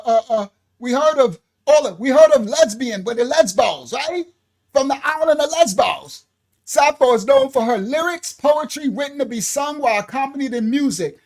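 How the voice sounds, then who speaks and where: Animated, emotional livestream teacher. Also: sits high. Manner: animated, reads aloud from slides with asides to viewers; emotional, breaks into laughter and apologizes. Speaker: ministry teacher. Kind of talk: livestreamed Bible-history lesson.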